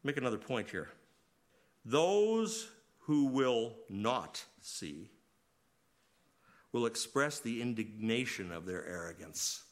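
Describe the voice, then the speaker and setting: A man preaching a sermon as pastor, swinging between loud emphasis and quiet asides. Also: mid-range voice, expressive, slow pace, pauses often.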